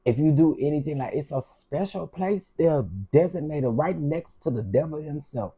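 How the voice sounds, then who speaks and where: A man's voice: fairly high pitch, moderate pace, hardly any pauses, warm tone, slightly rough. A man hosting his own channel, telling personal stories with frank, heated, preacher-like repetition. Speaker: channel host. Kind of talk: emotional storytime commentary.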